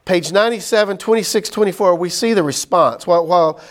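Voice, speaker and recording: A man's voice: high-pitched, fast. A man teaching a Bible class in a casual way, reading passages and paraphrasing them in everyday slang. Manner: conversational, many fillers and paraphrases in plain slang.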